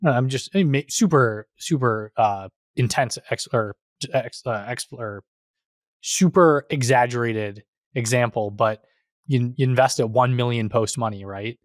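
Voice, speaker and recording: A man's voice: mid-range voice, unhurried, no room sound, studio quality. A man hosting a podcast, asking rambling questions and correcting himself mid-sentence. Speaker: podcast host. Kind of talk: casual podcast interviewing.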